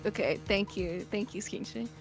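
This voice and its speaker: A woman's voice: medium pitch, normal speed, over music, lightly acted. A woman voicing a cheeky, mischievous teenage girl magician in a fan dub of a game. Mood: teasing. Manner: bubbly, mischievous.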